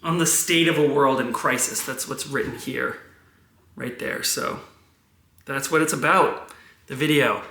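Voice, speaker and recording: A man in his twenties rambling through a profane, animated vlog monologue. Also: medium pitch, a little slow, vocal fry, pauses often. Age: 20s. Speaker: vlogger. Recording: roomy, echoey room.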